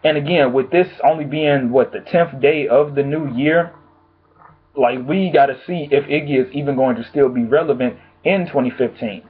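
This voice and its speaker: A man's voice: mid-range voice, moderate pace, breathy edge. A man vlogging from home with blunt, profane, exasperated commentary on the news. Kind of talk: casual opinion commentary. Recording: tinny phone-like audio.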